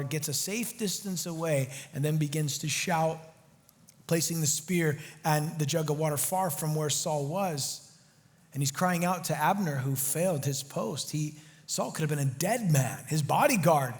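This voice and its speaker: A man preaches verse by verse from a church sanctuary, his voice pitched high for a man. He talks with animated, urgent emphasis. A long reverb from the hall trails each phrase. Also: a little slow. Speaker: pastor. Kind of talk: expository sermon.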